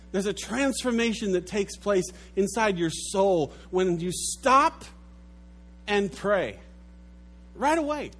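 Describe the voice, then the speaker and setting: A man preaching a sermon, telling an animated story and dropping low and soft for the sad parts. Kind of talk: sermon with a told joke.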